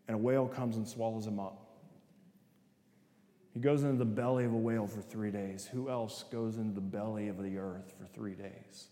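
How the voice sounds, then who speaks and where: In a hall with long, echoing reverb, a middle-aged man delivers a sermon-style talk in a fairly low, steady, mellow voice at a brisk pace. Telling stories, he acts out quoted voices and often checks with the audience, "right?".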